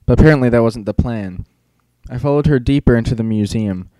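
A man's voice: mid-range voice, fairly quick, dark tone, no room sound. A man narrating an audiobook in the first person, with a casual, wry, teenage-boy storytelling manner.

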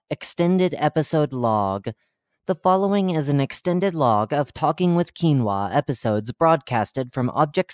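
Slow, flat horror-log narrator. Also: mid-range voice, dry recording, clean studio sound. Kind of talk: horror fiction reading.

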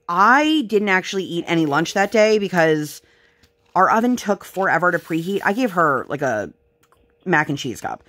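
A woman in her thirties, a mother and vlogger, chatting casually and telling rambling stories while she crafts. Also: low voice. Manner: rambling storytelling with fillers, bright sign-off.

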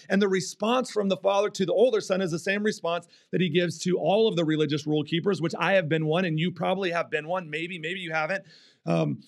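A man's voice: sits high, steady tone, a little fast, gravelly. A male pastor preaching a sermon in church, acting out quoted complaints with restarts and fillers. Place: church stage.

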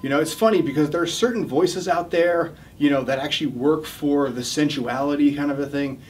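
A man's voice: on the high side, fairly quick, distant mic, a little hiss or hum. A man in his thirties with a New Jersey accent, doing a rambling, self-deprecating stand-up routine. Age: 30s. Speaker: stand-up comedian.

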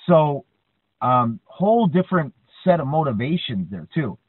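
A fairly high-pitched, husky male voice speaks at normal speed as he co-hosts a casual podcast. He's chatty and animated, telling stories and frequently adding "right?". The sound is dry and tinny, like a phone call, without room sound.

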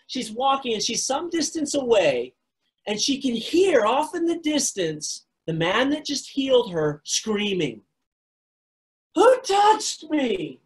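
A man preaching a sermon, retelling the story with animated storytelling and phrases repeated for emphasis. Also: very high voice, husky. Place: recorded remotely.

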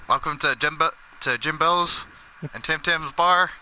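Brief: high, sharp-toned male gamer, excitable and swearing, casual chat. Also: a little slow, slight background noise, rough recording.

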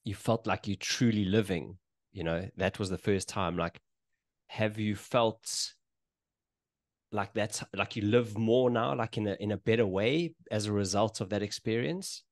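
A man hosting a podcast who speaks in a relaxed, hesitant way while reacting to his guest. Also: lowish voice, unhurried, dry recording, studio quality. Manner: relaxed, hesitant, with fillers and laughs. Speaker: podcast host. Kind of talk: casual interview chat.

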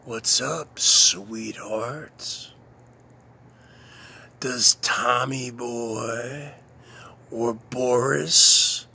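Slow, gravelly man taunting a viewer. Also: medium pitch, steady tone, bright, forceful tone. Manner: slow, taunting, boastful, drops into breathy whispers. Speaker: channel host. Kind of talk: mocking monologue to a viewer.

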